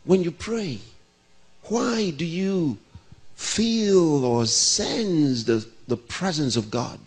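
A man's voice: on the high side, animated, extremely slow, slightly rough. A man in his sixties, a pastor, preaching a sermon by asking questions and answering them himself. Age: 60s. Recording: long reverb of a large hall.

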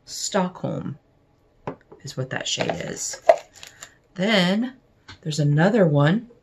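Low-voiced gushing woman vlogger. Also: takes it slowly, very noisy. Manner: gushing, excited, breaks into gasps and soft whispers. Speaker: beauty vlogger unboxing mail. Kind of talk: casual unboxing chat.

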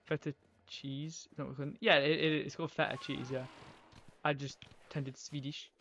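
A man's voice: fairly high pitch, level tone, normal speed, creaky, fairly bright tone, slight background noise. A man live-streaming a game, chatting in a rambling, casual way to his viewers as he plays. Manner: rambling, chatty, talks to viewers while playing.

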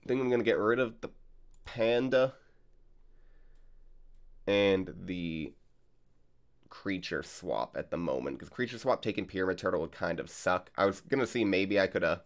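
A man's voice: low voice, lively intonation, normal speed, pauses often. A man hosting a card game channel, chatting casually and rambling with lots of fillers. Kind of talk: casual gameplay vlog and commentary. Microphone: desk mic while recording gameplay.

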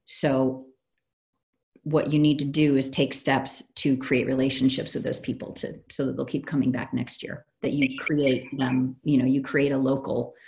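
A woman farmer answering questions in a casual online panel, energetic and self-deprecating, rambling with restarts. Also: rumbling low, creaky.

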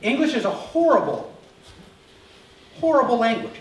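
Animated and very high-voiced, this pastor speaks at a moderate pace, keeping his sermon conversational and often questioning the congregation. The echoey church sanctuary is miked from a distance.

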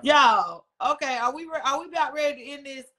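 High bright-voiced woman hosting a livestream. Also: fairly quick. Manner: chatty and loose, drops slang. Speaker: livestream host. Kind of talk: casual live video chat.

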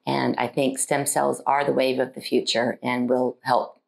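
Woman, 60s, very deep voice, earnest patient testimonial, halting and searching for words. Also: level tone, gravelly, a little mellow, rough recording. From United States. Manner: earnest and heartfelt, pausing often to find words. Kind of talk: personal testimonial.

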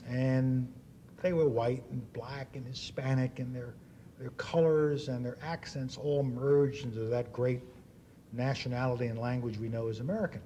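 A man in his fifties giving an after-dinner speech. He spins anecdotes and acts out the quotes in a mellow, relaxed voice at an ordinary pitch. Faint room noise sits underneath. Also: normal speed. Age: 50s. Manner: anecdotal storytelling with acted quotes. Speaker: dinner speaker. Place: banquet hall.

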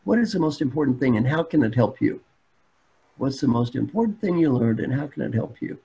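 A man's voice: mid-range voice, expressive, brisk, creaky, dark tone, breathy edge. An older man speaking as a coach in a webinar, telling stories in a plain, repetitive way. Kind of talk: webinar talk. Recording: dull webinar audio.

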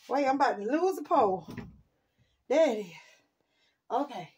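A woman's voice: sits high, very animated, normal speed, long pauses, darkish tone. A woman vlogging casually while she works, chatty and exclaiming, a little out of breath. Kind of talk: casual vlog to viewers.

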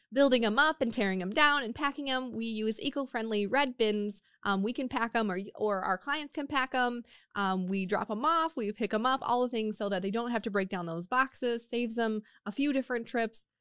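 A woman's voice: on the high side, fairly bright tone, clear, resonant tone. A chatty woman hosts her podcast in an upbeat, casual way, dropping fillers as she goes. Her voice is worn from being sick. The sound is dry and close, with no room echo. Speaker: podcast host. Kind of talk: casual promotional podcast talk.

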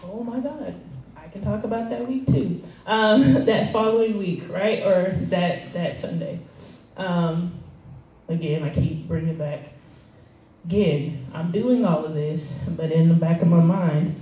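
A woman's voice: on the low side, unhurried, warm tone, recorded from a distance, slight background noise. A woman preaching a casual, chatty sermon, laughing often and joking about herself. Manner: chatty, laughing, self-deprecating. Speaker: guest speaker. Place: church hall. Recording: echoey hall, recorded from afar.

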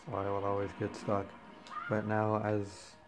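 Over game music, a man with a lowish, monotone voice jokes around unhurriedly in a let's-play, chatting to the game characters in a goofy way. The recording quality is low.

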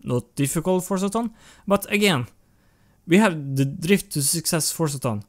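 Halting man commenting on a race game. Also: a little high, lively intonation, a little mellow. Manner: rambling, halting, with frequent restarts and self-talk. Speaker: gaming channel host. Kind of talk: casual racing game commentary. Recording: game music playing over the voice.

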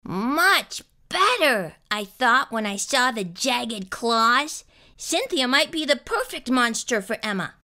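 In an unhurried, slightly high voice, a woman performs a children's picture book with expressive storytelling.

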